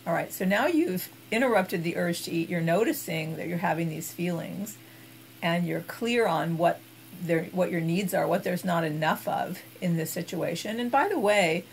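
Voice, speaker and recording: A woman giving an instructional talk as an expert on emotional eating, guiding gently and unhurriedly with soft hesitations. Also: lowish voice, lively intonation, moderate pace, vocal fry, slight background noise, rough recording.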